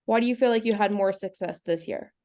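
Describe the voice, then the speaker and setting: A woman's voice: mid-range voice, brisk, warm tone. A woman, a reporter, asking a fighter a question with some hesitation. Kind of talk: press question.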